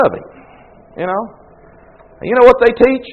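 A man preaching a sermon, talking in a conversational way and reading scripture aloud, moving from quiet asides to loud, fervent bursts. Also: high voice, big pitch swings, moderate pace, long pauses, lo-fi sound. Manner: reads scripture aloud and then explains it.

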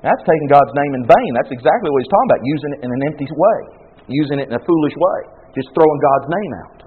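Fervent preacher man, voice pitched high. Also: animated, fast, slightly rough, narrow, tinny audio. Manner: conversational, swinging from quiet asides to loud fervent peaks; reads scripture aloud and then explains it. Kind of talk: sermon.

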